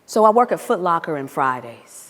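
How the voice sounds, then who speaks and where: A woman's voice: on the low side, very animated, brisk, fairly bright tone, voice pushed down. A woman voicing a shy young woman, her former student, while telling a story from a stage. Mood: subdued. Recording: long reverb of a hall.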